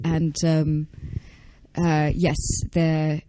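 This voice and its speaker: An Australian woman speaks as a podcast guest, animated and easily amused, often trailing off and restarting her thoughts. Her voice sits mid-range for a woman, and the sound is close and dry. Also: mid-range voice, normal speed, no echo. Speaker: actress and voice actor, podcast guest. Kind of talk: casual interview chat.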